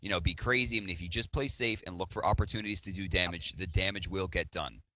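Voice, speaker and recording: A man casting a live esports match, breaking down picks and strategy in quick analytical talk. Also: low voice, bright, forceful tone, dry recording. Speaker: esports caster. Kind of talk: live esports play-by-play commentary.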